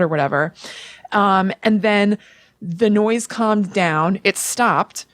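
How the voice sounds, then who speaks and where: A young woman co-hosting a casual podcast, retelling a story with constant "like" fillers. Her voice sits at an ordinary middle pitch, and the recording is dry and close with no room sound. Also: slow pace, no echo. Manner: chatty, filler-heavy retelling with frequent "like". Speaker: podcast co-host.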